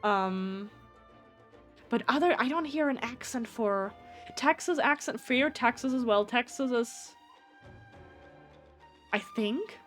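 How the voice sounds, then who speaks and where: A woman's voice: on the high side, expressive, takes it slowly, long pauses, a bit bright, faint music behind. A woman with a German accent, a native German speaker, chatting casually and rambling on a live gameplay stream, swearing often.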